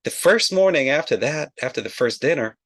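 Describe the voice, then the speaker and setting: A man telling a comic story with animated, brisk delivery. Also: fairly high pitch. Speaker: comedic storyteller.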